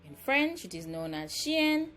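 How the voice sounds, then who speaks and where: A woman from Jamaica with a Jamaican accent, narrating a language lesson as a teacher, speaking slowly and deliberately and enunciating each word. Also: high-pitched, sing-song, fairly bright tone, soft background music. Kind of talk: educational tutorial narration.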